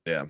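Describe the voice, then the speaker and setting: A man co-hosting a live podcast stream, chatting loosely and rambling with frequent laughs. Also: no room sound. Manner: rambling, animated, laughs often. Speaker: podcast co-host. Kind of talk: casual chat on a live stream.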